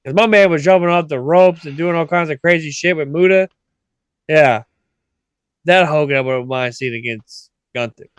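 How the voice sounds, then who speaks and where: A man's voice: a little high, moderate pace, smooth, no room sound. A man hosting a podcast in casual chat, sleepy and yawning, rambling in a laid-back way. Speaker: podcast host.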